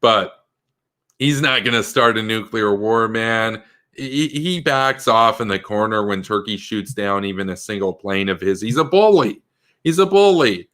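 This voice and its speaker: A man's voice: on the low side, fairly even intonation, measured pace, bright, forceful tone. A man giving a political commentary monologue in an emphatic, combative way, full of rhetorical questions.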